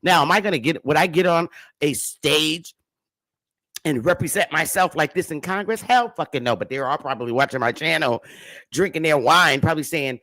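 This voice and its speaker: A woman from Connecticut hosting her own livestream, ranting bluntly and with plenty of profanity, swinging between loud, animated bursts and quieter, lower stretches. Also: normal speed, dry recording. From Bridgeport, Connecticut. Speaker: livestream host. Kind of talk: casual livestream rant to her audience.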